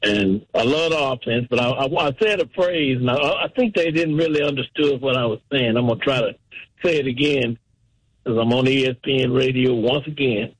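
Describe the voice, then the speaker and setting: A man's voice: medium pitch, breathy edge, no room sound, rough recording. A man from the Texas Panhandle, calling in to a sports radio show and chatting in a folksy, joking way. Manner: folksy, joking, drawn-out phrasing. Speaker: caller. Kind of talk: radio call-in chat.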